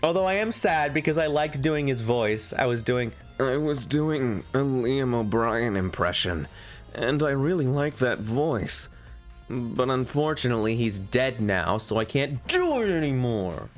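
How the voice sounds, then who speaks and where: Slow-talking, rambling male streamer. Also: mid-range voice, expressive, soft background music. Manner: rambling, chatty asides to viewers, frequent laughs. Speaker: streamer reading a visual novel. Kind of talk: casual live-stream chat.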